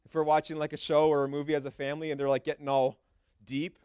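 A man's voice: fairly high pitch, level tone, fast talker, a little mellow, clean tone, dry recording. A man preaching a sermon in a church, emphatic and repetitive in short punchy phrases, with conversational, lightly humorous asides. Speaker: pastor. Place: church sanctuary.

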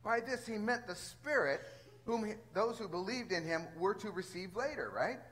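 Pastor guy preaching, fairly high voice, chatty and animated, keeps restarting his sentences. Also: moderate pace, low-quality recording. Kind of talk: sermon.

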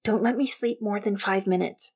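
A stubborn, wry teenage girl in a storybook, read by a woman. Her lines are flat and deadpan, with a gravelly rasp underneath. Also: mid-range voice, normal speed.

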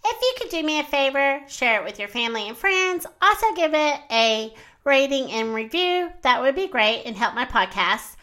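Woman storyteller for kids: high, lively voice, gentle and slow reading. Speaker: children's storytime podcast host. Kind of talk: reading a picture book aloud.

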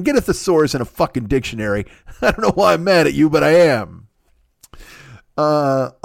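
A man's voice: a little high, no room sound, studio quality. A man hosting a podcast who delivers a profane, mocking comedic rant about the sponsors and slang. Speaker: podcast host.

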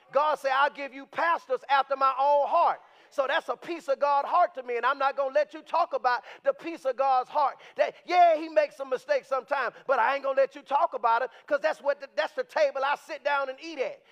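A man preaches in a church with a strikingly high voice. He talks to the congregation in a lively, conversational way and at times rises to shouts. The recording sounds dull and lo-fi. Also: a little fast, hardly any pauses. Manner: animated, conversational, rising to shouts. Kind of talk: sermon. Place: church sanctuary.

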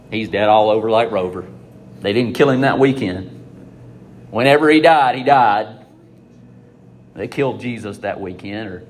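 A man giving an informal, conversational sermon to students, swinging between loud emphasis and hushed asides. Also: lowish voice, slight background noise. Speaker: preacher addressing students.

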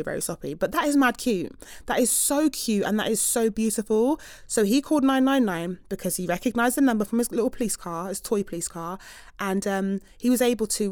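A lively woman chats to her listeners like a friend. She laughs easily and bursts into sharp emphasis. Her voice sits dry and close to the mic. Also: fairly high pitch, clean tone, no room sound. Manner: animated, laughing, emphatic outbursts. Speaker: podcast host. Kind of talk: casual chatty monologue.

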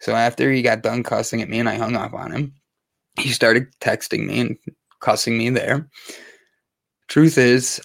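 Hosting his own podcast, a man delivers a personal monologue about mental health, speaking candidly and emphatically, repeating phrases and swearing for force. His mid-range voice is steady, creaky and fairly bright, at normal speed with frequent pauses, and there's no room sound.

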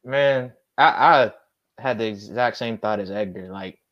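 A man's voice: lowish voice, measured pace, muffled recording. A young man co-hosting a casual sports chat, slangy, saying "bro" a lot. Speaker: podcast co-host.

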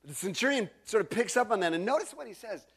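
A middle-aged man delivers a sermon with a slightly high-pitched voice. He preaches conversationally, breaking off into restarts and asides to his listeners. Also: lively intonation, quick pace, a bit bright, slightly rough. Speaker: pastor.

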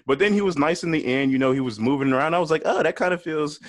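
A man's voice: fairly high pitch, quick pace. A young man on a podcast, telling a crude story in casual chat, laughing often and acting out what people said. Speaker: podcast host.

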